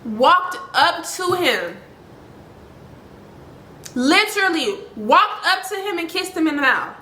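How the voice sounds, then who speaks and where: A woman in her twenties telling a story to camera in a casual, slangy, animated way, talking to viewers as y'all. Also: very high-pitched, slow pace, roomy sound, slight background noise. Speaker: storytime vlogger.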